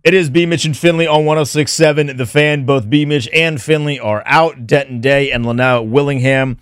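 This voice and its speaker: A man hosting a sports radio show, laying out his points in a measured, matter-of-fact way. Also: on the high side, steady tone, clean tone, no echo. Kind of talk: sports talk radio banter.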